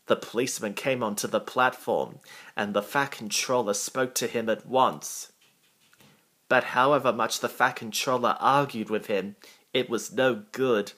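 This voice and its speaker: A man reading a children's storybook aloud in a measured way. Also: mid-range voice, bright, forceful tone.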